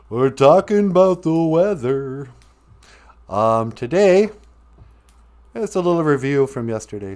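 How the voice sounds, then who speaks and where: A man's voice: medium pitch, a little mellow. A man hosting a casual live stream, joking, greeting viewers by name and laughing often. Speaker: live stream host teaching Ojibwe.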